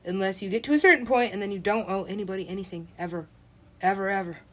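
A woman's voice: medium pitch, fast talker, fairly bright tone. A young adult woman, a parent, rambling in a loose monologue, laughing often, swearing freely and acting out the voices she quotes.

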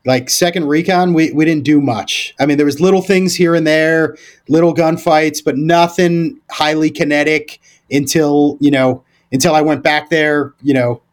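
A man with a somewhat high speaking voice tells stories from his service in a relaxed podcast chat. His delivery is loose and rambling, with lots of "like", false starts and easy profanity. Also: normal speed, hardly any pauses. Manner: rambling, loose delivery full of "like" and restarts, swears freely. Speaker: podcast guest, former Recon Marine. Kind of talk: casual storytelling conversation.

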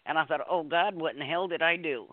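A woman's voice: low voice, fast talker, no room sound. A woman co-hosting a talk radio show, telling a story in an earnest, rambling way with many restarts. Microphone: phone call. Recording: dry, tinny phone line.

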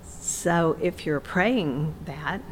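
A woman's voice: low-pitched, lively intonation, drawn-out words, a little hiss or hum. A woman in a faith discussion, speaking earnestly and affirming the others.

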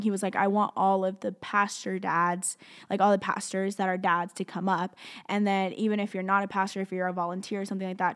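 Young woman, vlogger; open, emotional storytelling with many fillers. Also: mid-range voice. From outside the US. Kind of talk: personal storytelling to camera.

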